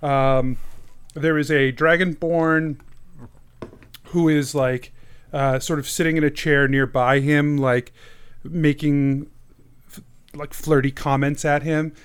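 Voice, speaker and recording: A man's voice: a little high, little pitch movement, takes it slowly, pauses often, clear, resonant tone. A man running a tabletop game as game master, narrating in a loose, chatty way with many fillers and frequent laughs.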